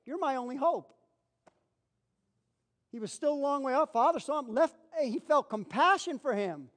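A man with a fairly high voice preaches a sermon with animation and at normal speed. He acts out the characters in his story and repeats phrases for emphasis.

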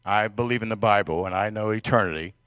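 A male pastor preaching a sermon in a conversational way, asking the congregation questions and swinging between loud and soft passages. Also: on the low side, fast talker, smooth, no echo.

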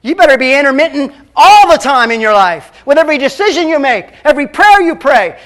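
A man preaching a sermon as a pastor, emphatic and swinging between loud and hushed. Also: extremely high pitch, very animated, brisk, few pauses.

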